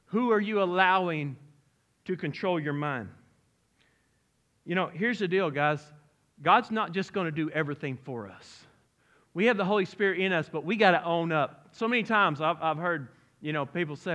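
A middle-aged man preaching a sermon in a church, lively and conversational, joking and asking the congregation direct questions. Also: a little high, normal speed. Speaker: pastor. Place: church sanctuary.

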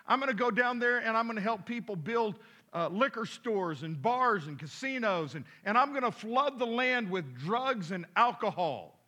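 A pastor voicing an eager, boastful male demon announcing his schemes in a loud, raised voice. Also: high voice, animated, normal speed, pitched above the performer's own voice, exaggerated voice.

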